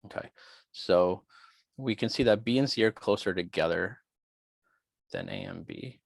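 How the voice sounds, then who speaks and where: A man's voice: deep voice, unhurried, vocal fry, no echo. A man lecturing on biology in an online class, working through quiz questions and thinking aloud in a chatty way.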